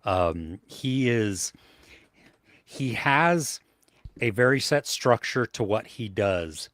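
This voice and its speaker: A man's voice: on the low side, expressive, slow, fairly bright tone, no room sound, studio quality. A man co-hosting a casual movie review podcast, enthusiastic, laughing often and trailing off mid-sentence. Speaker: podcast co-host. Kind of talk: casual chat.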